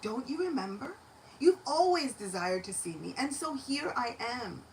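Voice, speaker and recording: A woman lifts her voice into a small divine boy, earnest and gently reproachful, speaking high and bright above her usual tone. He pleads warmly and with feeling, as in a storytelling sermon. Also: big pitch swings, normal speed, far from the mic, a little hiss or hum, poor audio. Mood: tender.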